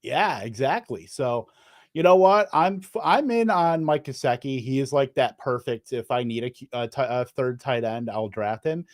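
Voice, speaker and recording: A man's voice: mid-range voice, animated, moderate pace, no room sound. Rambling man with a dry close sound. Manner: rambling, full of restarts and fillers. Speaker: fantasy football analyst. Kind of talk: casual panel discussion.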